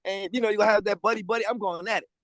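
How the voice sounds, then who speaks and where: A man, a guest telling his story over a remote call in a casual, slangy way and acting out other people's lines in a higher voice. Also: fairly even intonation, very fast, fairly bright tone, no echo, rough recording. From Louisiana. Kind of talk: storytelling interview. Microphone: remote call over a weak connection.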